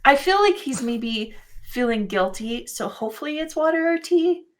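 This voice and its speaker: High-voiced giggly woman player. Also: expressive, normal speed. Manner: giggly, hesitant. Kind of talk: tabletop game play. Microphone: online call.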